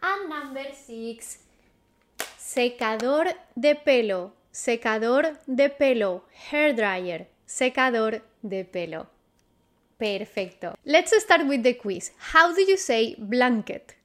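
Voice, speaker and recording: Slow, patient woman teaching vocabulary. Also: fairly high pitch, expressive. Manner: repeats each word, quizzes the listener, patient and encouraging. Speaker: Spanish teacher. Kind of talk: slow, clear vocabulary lesson.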